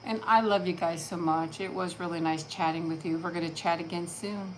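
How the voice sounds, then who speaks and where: Lady channel host chatting live with her fans, warm and gushy, lowish voice. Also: fairly even intonation, a little fast, a little hiss or hum, poor audio. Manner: affectionate, chatty, coos at her dog. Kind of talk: casual live chat.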